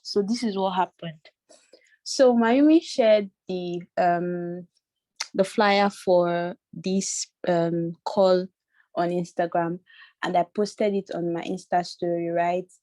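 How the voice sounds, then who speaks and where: A woman from Nigeria sharing a personal story on a video call, halting and tearful, with many restarts. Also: lowish voice, fairly even intonation, warm tone, no room sound. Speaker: workshop participant.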